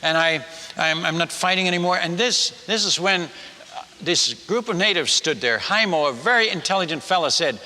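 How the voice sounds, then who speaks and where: A man telling a personal story in a sermon, chatty and animated, stumbling over restarts and asking the audience questions. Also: high voice, moderate pace, slight background noise. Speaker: missionary preacher. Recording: echoey hall.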